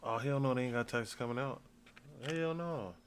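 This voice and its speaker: A man's voice: medium pitch, little pitch movement, quick pace, a little hiss or hum. A man from the United States in casual, profane chat, firing off rhetorical questions.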